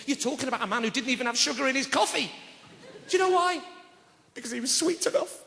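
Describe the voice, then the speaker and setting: A man performing stand-up on a theatre stage. He tells deadpan stories and breaks into sudden shouted outbursts, his voice high and lively. The stage mic sits in a large, reverberant hall with loud audience noise behind it. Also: quick pace, gravelly. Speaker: stand-up comedian. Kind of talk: stand-up comedy routine.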